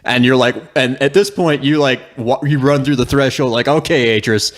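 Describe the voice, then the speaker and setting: A man co-hosting a podcast, recapping a story game in casual chat and breaking into comic voices for the characters. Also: medium pitch. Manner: animated, jokey, acts out scenes in quick voices and laughs often. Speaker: podcast co-host.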